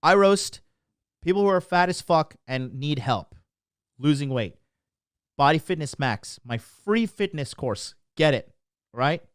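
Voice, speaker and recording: This dating coach has a fairly high, animated voice and speaks at a measured pace on a dry, clean studio recording. Ranting at his livestream chat, he comes across as brash, boastful and mocking. He's emphatic throughout and keeps punctuating his points by asking "okay?".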